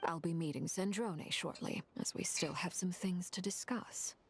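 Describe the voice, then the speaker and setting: Woman playing a cool formal leader lady, low voice. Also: moderate pace, slight background noise, close to an everyday voice.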